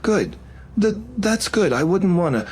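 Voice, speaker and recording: A man's voice: sits low, normal speed, husky. A man voicing a reckless, cheerful young man who dabbles in black magic, talking in eager, rambling bursts.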